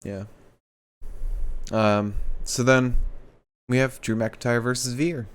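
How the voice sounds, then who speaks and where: A man's voice: medium pitch, steady tone, slow pace, clear, resonant tone. Laid-back man in casual podcast chat. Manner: loose and laughing, heavy use of "like", swears. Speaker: podcast co-host.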